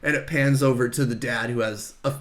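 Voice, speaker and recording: A man's voice: mid-range voice, steady tone, brisk, a crowd in the background. A man co-hosting a podcast, recapping a film in casual chat and acting out the characters' lines. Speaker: podcast co-host.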